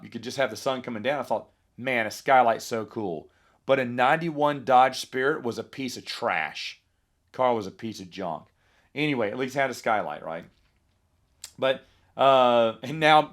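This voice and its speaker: A man in his forties hosting a podcast, telling rambling nostalgic stories in a casual monologue with lively asides. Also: medium pitch. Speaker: podcast host.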